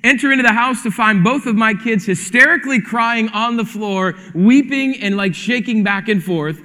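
Male pastor, high bright voice, lively storytelling sermon, reverb from a hall. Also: normal speed. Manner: animated storytelling, acting out dialogue.

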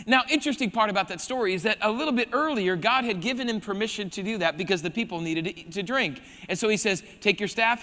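A man from South Dakota preaching a lively sermon, his high voice ringing bright and sharp. He drops to a hush to press a point, then surges loud again. A long hall reverb trails each phrase. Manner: animated preaching, swinging from hushed emphasis to loud bursts. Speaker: pastor. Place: church hall.

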